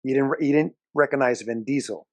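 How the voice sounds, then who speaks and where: A man's voice: medium pitch, a little fast, dry recording. A man co-hosting a casual movie review. He talks in a strong, opinionated and enthusiastic way and often restarts his sentences.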